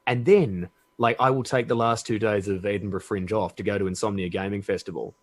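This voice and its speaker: A man's voice: on the low side, steady tone, fairly quick, no room sound. A man with an Australian accent, chatting enthusiastically as a guest and swearing freely. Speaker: guest comedian. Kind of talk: casual chat.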